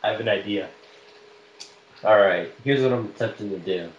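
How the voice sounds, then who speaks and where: A man's voice: fairly low pitch, moderate pace, dull audio. A man hosting a podcast and making prank calls, improvising with many hesitations and restarts. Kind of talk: casual chat. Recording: echoey room with faint background noise.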